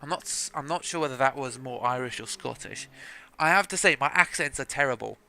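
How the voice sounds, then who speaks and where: Bright-voiced chatty male race commentator. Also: mid-range voice, fairly quick, vocal fry. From South Africa. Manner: chatty, joking, self-deprecating, laughs often. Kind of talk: live sim racing commentary.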